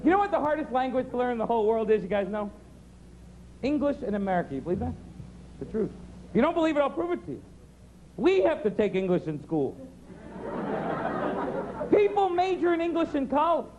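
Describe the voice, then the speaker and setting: A man doing an observational stand-up routine, animated riffing with sing-song mimicry. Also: very high-pitched, brisk, long pauses. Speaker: stand-up comedian. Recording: dull 90s TV recording with crowd noise. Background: audience.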